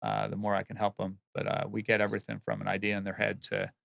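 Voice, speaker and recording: A man's voice: on the low side, monotone, fast talker, vocal fry, a bit bright, dry recording, studio quality. A man who builds and remodels homes, answering interview questions in a plain, earnest way and often restarting his words.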